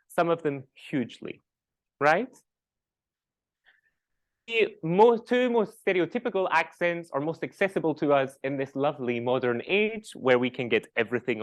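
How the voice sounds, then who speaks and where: A man from the west coast of Scotland with a West Coast Scottish accent, giving a classroom lecture, often ending points with a questioning "right?" and saying example words aloud. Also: fairly high pitch. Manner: explains with tag questions, demonstrates sounds aloud.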